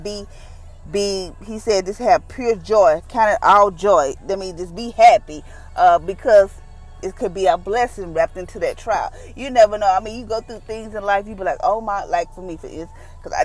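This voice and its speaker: A woman giving a casual daily devotion, talking in a relaxed, down-to-earth way and acting out the voices she quotes. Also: mid-range voice. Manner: conversational, acts out quoted voices; informal, down-to-earth phrasing. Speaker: devotional speaker.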